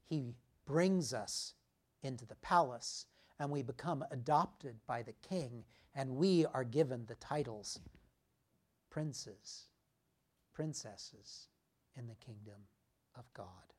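A man preaching a sermon, emphatic, dropping his voice low for key phrases. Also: breathy edge. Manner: slow, emphatic preaching with dramatic drops in volume.

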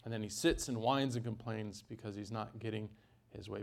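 A man preaching a sermon, animated, with sudden jumps in pitch and loudness and dry asides. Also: moderate pace, creaky.

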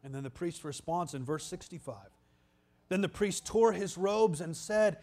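A man preaching a sermon, emphatic, swinging from loud exclamations down to hushed, almost whispered lines. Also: high voice, animated, moderate pace.

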